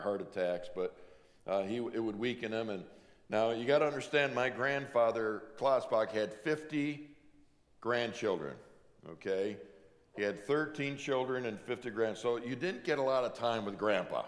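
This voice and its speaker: A male pastor giving a sermon, emphatic, slowing down to drive home each point. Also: lowish voice, big-room sound. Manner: emphatic preaching, slows down to stress points.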